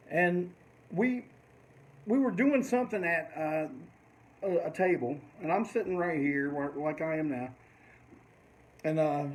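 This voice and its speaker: High-voiced older man telling a story. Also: poor audio. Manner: rambling, swears often. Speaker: host of a live stream. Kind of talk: casual storytelling.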